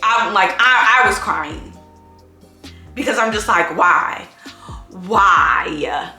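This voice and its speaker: Bright-voiced woman vlogging in an echoey room. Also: mid-range voice, measured pace, soft background music. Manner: rambling storytelling full of "like". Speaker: vlogger, single mom. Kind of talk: casual vlog chat.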